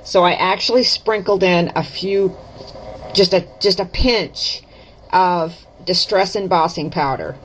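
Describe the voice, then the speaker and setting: A woman's voice: lowish voice, a little slow, a little hiss or hum. A woman chatting casually to camera as she shows her craft projects, correcting herself and explaining each step. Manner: chatty, self-correcting, folksy. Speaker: craft vlogger. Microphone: camera mic. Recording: dull lo-fi camera audio.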